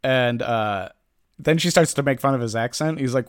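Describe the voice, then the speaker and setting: A man's voice: mid-range voice, moderate pace, no echo, clean studio sound. Chatty man recapping a comic. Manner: animated storyteller, acts out characters' lines, lots of "like" fillers. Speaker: podcast host recapping a comic. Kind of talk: casual chat.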